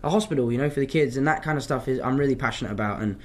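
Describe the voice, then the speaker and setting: A man's voice: mid-range voice, very fast. A young man from England, chatting in a casual live interview and answering in an upbeat, rambling way with many fillers and restarts. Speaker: actor being interviewed.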